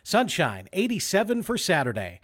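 A man reading a radio weather forecast in a brisk, sing-song manner. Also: high voice, huge pitch swings, husky, no echo, studio quality.

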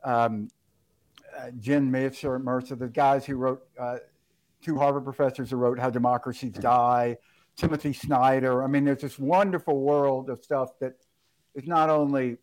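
A man's voice: mid-range voice, fairly even intonation, normal speed, a little mellow. A man being interviewed on talk radio as a guest author, laid-back and rambling with lots of fillers.

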